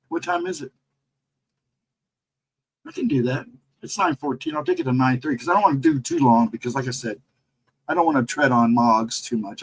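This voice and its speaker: A man's voice: mid-range voice, poor audio. A middle-aged man, co-host of a paranormal livestream, telling a personal story in a rambling, casual way and chatting with viewers between stories.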